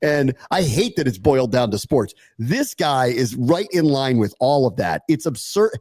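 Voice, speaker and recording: A man's voice: medium pitch, big pitch swings, normal speed, a little mellow, no room sound. A man co-hosting a sports podcast, ranting with sarcasm in casual chat.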